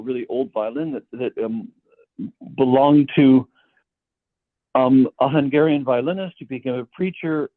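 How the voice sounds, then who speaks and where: A guest composer with a medium-pitched voice tells long anecdotes, often stammering and repeating words as he starts sentences. The line is tinny and phone-like, without echo.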